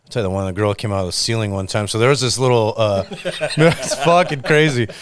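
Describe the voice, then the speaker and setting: A man, telling tattoo shop stories in casual chat, loud and profane when acting out quotes. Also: mid-range voice. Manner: fast, profane storyteller with loud acted-out quotes. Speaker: tattoo artist.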